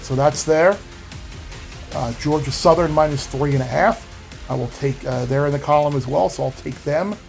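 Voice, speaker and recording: A man's voice: fairly high pitch, moderate pace, vocal fry, soft background music. A man co-hosting a sports podcast, talking casually with frequent restarts. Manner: relaxed, rambling, frequent restarts. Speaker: podcast co-host.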